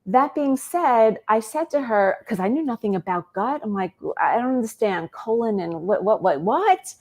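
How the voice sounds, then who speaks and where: A woman, a guest on an interview show, telling a personal story in an animated way and acting out bits of dialogue. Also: a little high, normal speed.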